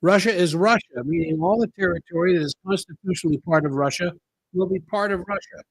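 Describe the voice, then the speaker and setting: A man's voice: high-pitched, fast, breathy edge, no echo, rough recording. A man hosting a solo commentary show, talking in an emphatic way and repeating key phrases for effect. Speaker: political commentary host.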